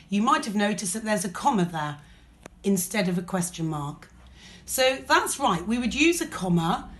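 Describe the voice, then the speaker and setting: Woman, English accent, primary teacher, patient, recorded lesson. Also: mid-range voice. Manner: patient, explains step by step.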